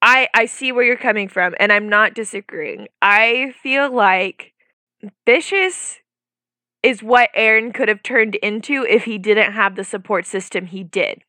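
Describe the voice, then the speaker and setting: A woman's voice: mid-range voice, measured pace, bright, forceful tone, dry recording, studio quality. A young woman in casual chat who lays out her points at length, with plenty of "like" fillers. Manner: talkative, reasoned, lots of "like" fillers.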